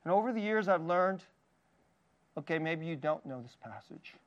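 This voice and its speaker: A man preaching a sermon in an earnest, tender way, often laughing lightly and dropping his voice soft for quoted lines. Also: fairly high pitch, animated, moderate pace, lo-fi sound. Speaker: pastor.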